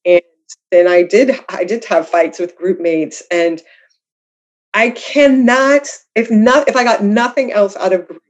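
A woman speaking as a guest author, telling her own story candidly and reflectively, with self-deprecating humor. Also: mid-range voice. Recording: slightly dull lo-fi audio.

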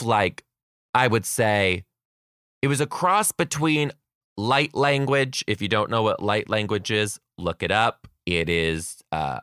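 A young adult man, a teacher, telling comic stories about his class in a sarcastic, animated way, acting out the kids. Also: mid-range voice, dry recording, studio quality. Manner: animated, sarcastic, acts out kids' voices. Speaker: kindergarten teacher. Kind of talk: comedic storytelling.

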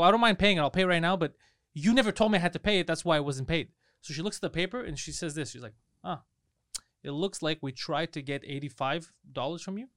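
A podcast co-host tells a casual story at a fast clip in a smooth, clear voice that's fairly high for a man. Animated and profane, he swears freely and acts out both sides of the argument. The dry, close-miked studio recording has no echo.

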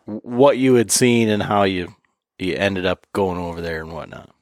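A man's voice: on the low side, moderate pace, no echo, clean studio sound. A man hosting a casual hunting podcast, telling stories with lots of laughter and acting out what others said. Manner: animated, laughing storyteller who acts out others' lines. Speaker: podcast host.

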